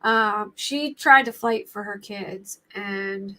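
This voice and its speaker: A woman's voice: medium pitch, takes it slowly, pushed and bright. A young adult woman hosting a true crime livestream, chatting casually in a rambling, flustered way and laughing easily.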